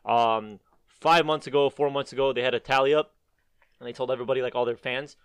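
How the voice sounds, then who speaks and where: A young man in casual chat with friends. He talks fast and rambles, with a lot of swearing. His voice sits in a middle register and sounds dry and close. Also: mid-range voice, fairly even intonation, smooth, no echo. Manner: rambling and profane, leans on "dude".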